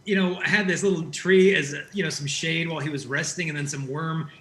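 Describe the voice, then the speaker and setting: Male guest, high-ish and bright, animated storyteller, roomy echoey sound. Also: a little fast. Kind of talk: conversational interview. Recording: roomy echo.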